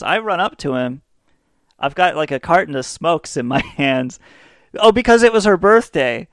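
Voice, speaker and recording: A man's voice: a little high, vocal fry, no room sound, studio quality. A young adult man hosting a podcast, telling rambling, profane, self-mocking stories in a casual way. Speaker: podcast host. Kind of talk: casual comedic storytelling.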